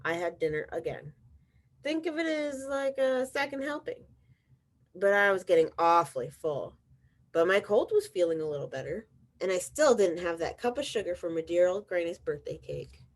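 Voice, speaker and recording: A woman's voice: fairly low pitch, expressive, moderate pace, close to an everyday voice. A woman reading aloud as a sneezy, self-pitying male wolf telling his side of the story, with wry storybook asides.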